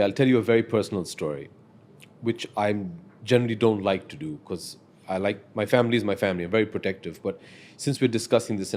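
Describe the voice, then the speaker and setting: A man, earnestly telling a personal story as a podcast guest. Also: fairly low pitch. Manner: earnest, reflective, animated when telling stories.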